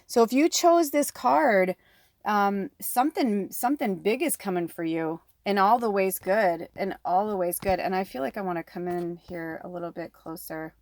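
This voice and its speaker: A woman's voice: medium pitch, moderate pace, darkish tone, dry recording. A middle-aged woman giving a chatty pick-a-card tarot reading, talking close to the microphone. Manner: chatty, breathy asides, close to the mic. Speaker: tarot reader.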